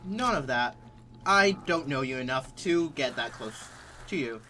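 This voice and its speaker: A man's voice: mid-range voice, lively intonation, a little slow, background noise. A teenage male gaming host commenting nervously while he plays, panicky and jittery, with frequent nervous laughter. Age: teens.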